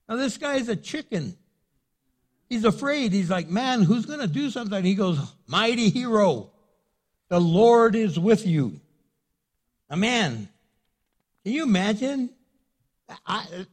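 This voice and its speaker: A man preaching a sermon as pastor, animated and acting out the people he quotes. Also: sits high.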